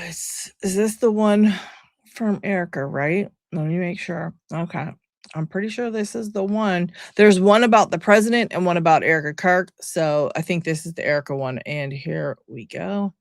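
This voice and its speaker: Sarcastic woman, low voice, dry close sound. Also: normal speed, no echo. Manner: sarcastic, exasperated, chatty. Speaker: commentary vlogger. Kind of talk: casual reaction commentary.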